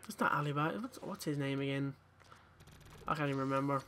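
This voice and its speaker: A man's voice: medium pitch, a little fast, pushed and bright, slight background noise. A young man commentating a game pack opening, tired and swearing as he mutters to himself. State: tired, yawning. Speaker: gaming YouTuber.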